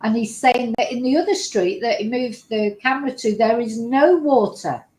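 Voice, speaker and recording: A woman's voice: a little high, normal speed, darkish tone, roomy sound, low-quality recording. A woman, chatting casually as she talks through video clips and translates what is said in them. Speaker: host reacting to videos.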